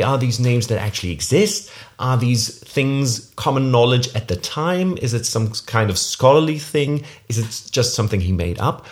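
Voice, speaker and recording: A man co-hosting a casual book discussion, talking in a reflective, measured way. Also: medium pitch. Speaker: co-host.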